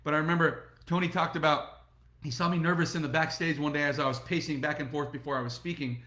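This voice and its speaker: A middle-aged man giving an energetic motivational talk to camera and speaking straight to his viewers. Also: a little high, fast, roomy sound. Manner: energetic, repetitive, addresses viewers directly. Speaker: network marketing motivational speaker.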